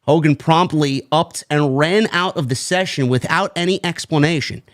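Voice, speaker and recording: Higher-voiced man reading a report. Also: no echo, studio quality. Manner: measured reading, chuckles. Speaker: podcast co-host. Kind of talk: reading a news report aloud with asides.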